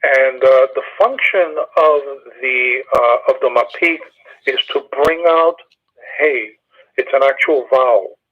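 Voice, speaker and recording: A man with a husky voice teaches Hebrew grammar in a Bible study, explaining step by step and pausing often on fillers. He comes through a thin, tinny phone line. His pitch sits in an ordinary middle range. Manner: methodical, patient explaining with frequent "uh" fillers. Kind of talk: Hebrew grammar lesson over a phone call.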